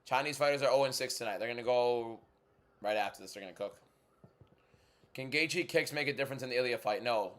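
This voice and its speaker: A man's voice: mid-range voice, fairly bright tone. Young man chatting on a fight watchalong. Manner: chatty, frank, quick opinions, reads viewer questions aloud. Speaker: livestream host. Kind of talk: casual watchalong chat, answering chat.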